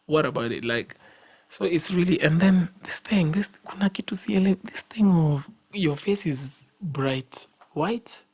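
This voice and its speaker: A man's voice: fairly high pitch, lively intonation, unhurried, a little mellow, slightly rough. A young Kenyan man hosting a casual solo podcast, rambling and repeating himself as he exhorts his listeners, sleepy after a long day. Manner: rambling, repeats himself, frequent restarts and fillers. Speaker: podcast host.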